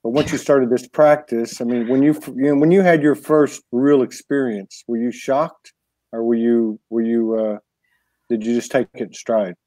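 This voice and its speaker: Guy hosting an interview, warm mellow tone, kinda rambling questions, dry sound. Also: mid-range voice, steady tone, normal speed, no echo. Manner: asks rambling, searching questions. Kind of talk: interview conversation.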